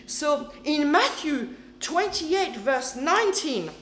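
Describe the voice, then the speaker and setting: A woman's voice: high voice, sing-song, slow, a bit bright, a little hiss or hum. A woman preaching a sermon in English, which is not her first language, in an emphatic manner and often checking in with her listeners. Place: church hall with congregation. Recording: echoey room.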